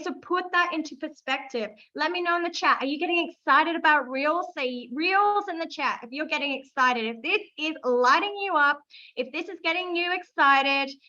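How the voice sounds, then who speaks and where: A woman's voice: high-pitched, sharp tone, dull audio. An Australian woman hosting a live online masterclass as a social media coach, talking with enthusiasm, repeating key phrases for emphasis and speaking to the chat.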